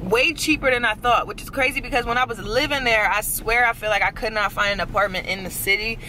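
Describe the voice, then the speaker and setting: A woman's voice: a little high, fairly even intonation, quick pace, pushed and bright, a little hiss or hum. Tired, chatty woman vlogging. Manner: chatty, emphatic, addresses viewers as y'all. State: worn out. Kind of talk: casual talk to camera.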